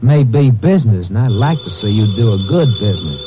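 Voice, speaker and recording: An actor playing a sly, menacing young male blackmailer in a vintage radio drama, talking with a slow folksy drawl. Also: mid-range voice, very animated, very noisy, natural voice. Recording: muffled old radio recording.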